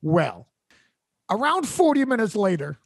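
A man's voice: high-pitched, big pitch swings, unhurried, creaky, dry recording, studio quality. A man hosting a comedy podcast, telling a rambling, exasperated story with laughs mixed into his sentences.

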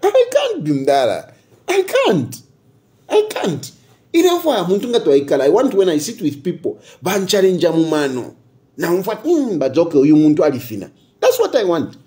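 A man with a Zambian accent delivers fiery political commentary, his voice rising and falling dramatically as he repeats his key lines. He keeps throwing out rhetorical questions in a darker, mellow tone. He slips between English and local phrases without pause. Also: sits high, huge pitch swings.

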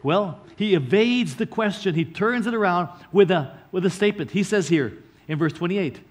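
A male pastor preaching a sermon, earnestly explaining scripture line by line and slowing down to stress key words. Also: high voice, expressive.

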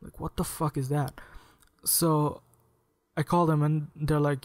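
New guy ranting at home, swears a lot, kinda high voice, dry close sound. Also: level tone, measured pace, long pauses, a little mellow, no echo. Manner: profane and exasperated, swearing often. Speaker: vlogger. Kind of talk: angry rant to camera.

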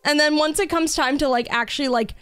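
Her high, fairly quick voice is a bit bright, with no room sound at all. She's a young woman casually live-streaming a building game, staying chatty and upbeat, leaning on fillers, and reading out the chat.

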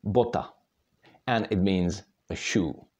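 A man's voice: fairly low pitch, big pitch swings, takes it slowly, a little mellow, dull audio. A Czech man teaching pronunciation patiently, step by step, sounding out words for learners. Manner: patient, demonstrating sounds aloud. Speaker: language teacher. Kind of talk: slow step-by-step pronunciation lesson.

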